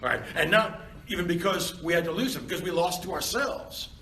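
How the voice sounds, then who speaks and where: A male university lecturer giving a seminar lecture in an animated, conversational way, often checking in with his students. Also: high-pitched, brisk, recorded from a distance. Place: seminar classroom. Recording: roomy classroom with faint background noise.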